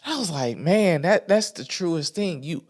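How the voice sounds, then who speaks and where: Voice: mid-range voice, lively intonation, moderate pace. A podcast host giving a candid, emotional, colloquial monologue into a microphone, with frequent restarts. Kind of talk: casual heartfelt monologue. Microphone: studio microphone.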